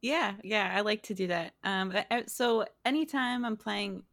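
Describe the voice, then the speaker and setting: A woman's voice: mid-range voice, moderate pace, vocal fry, fairly bright tone, dry recording, clean studio sound. A woman being interviewed about her streaming, chatting casually, laughing often and restarting her sentences. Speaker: streamer guest.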